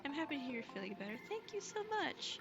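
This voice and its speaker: A woman streamer chatting casually with her viewers, soft and gushing, stumbling over ums and restarts, still getting over a cold. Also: sits high, big pitch swings, fast. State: recovering from a cold. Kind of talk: casual live-stream chat. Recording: streamer's mic with music behind.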